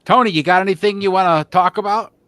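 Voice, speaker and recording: A man's voice: high voice, quick pace, a bit bright, smooth. A man hosting a live stream, chatting casually and teasing his co-hosts. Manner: teasing, joking. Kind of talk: casual chat.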